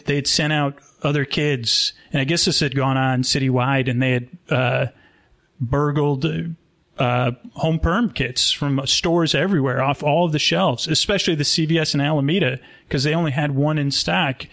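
A man telling an improvised comic story at a live show, rambling and deadpan, with many restarts. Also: a little high, moderate pace. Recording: rough live show audio.

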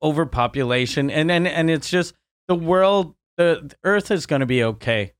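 Male co-host, crude joker, a bit high-pitched, dry studio sound. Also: animated, normal speed, smooth, no echo. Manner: crude, joking riffs. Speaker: podcast co-host. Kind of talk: casual comedic chat.

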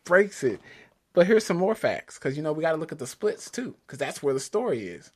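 A man's voice: fairly high pitch, quick pace. A man co-hosting a podcast in a casual chat, talking with eager enthusiasm and frequent restarts. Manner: excitable, enthusiastic, stumbling restarts. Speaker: podcast co-host. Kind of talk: casual chat about drag racing.

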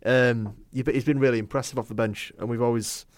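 Male co-host, quick and opinionated, mid-pitched, dry close recording. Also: fairly even intonation, dry recording. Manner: chatty, laughs often, opinionated. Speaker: podcast co-host. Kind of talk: casual football podcast chat.

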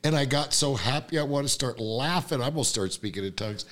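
A man's voice: medium pitch, quick pace. A man telling a personal story as a podcast guest, acting out the voices of the people in it. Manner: animated storyteller, acts out quoted voices. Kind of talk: storytelling in casual chat.

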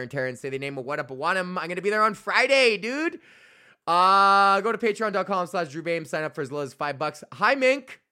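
Male podcast host, profane comic ranter, bright, somewhat high voice, bursts into loud bits. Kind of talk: profane comedic rant.

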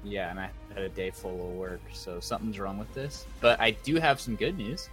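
A man's voice: fairly low pitch, moderate pace, music in the background. A man co-hosting a casual esports podcast, laid-back and chatty. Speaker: podcast co-host.

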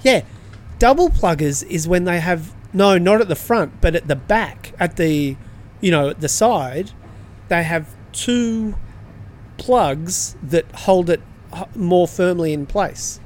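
A man's voice: high voice, expressive, slow pace, slight background noise. A man hosting a quiz segment in casual, chatty conversation with theatre guests. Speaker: radio quiz host. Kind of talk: casual chat.

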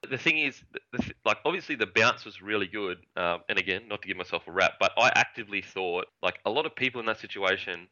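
A man's voice: lowish voice, fast talker, hardly any pauses, pushed and bright, muffled recording. A man, a former rugby league winger, rambling in casual chat and swearing now and then. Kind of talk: casual sports podcast chat.

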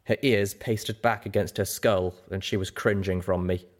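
A man narrating a story aloud as an audiobook reader, with an expressive, dramatic delivery. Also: on the low side, normal speed. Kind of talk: scripted narration.

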